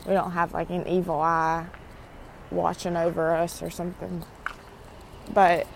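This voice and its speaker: A woman's voice: fairly low pitch, flat delivery, unhurried, vocal fry, long pauses, noisy background. A young woman in her twenties vlogging a casual, meandering monologue full of "like" while pacing outside in a parking lot, talking into her phone.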